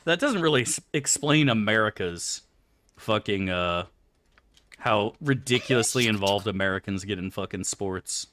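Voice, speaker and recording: A man's voice: lowish voice, animated, moderate pace, a bit bright, no echo. A man streaming a game, chatting loosely with his viewers and swearing freely. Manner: loose and rambling, swears freely, answers chat aloud. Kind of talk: casual live-stream chat.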